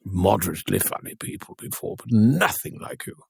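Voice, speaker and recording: A man putting on a pompous British accent to play a stuffy, flattering Englishman. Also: fairly low pitch, a little fast, vocal fry, husky, no echo, clean studio sound, full character voice. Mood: fawning. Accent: put-on British. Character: stuffy posh Englishman, fawning.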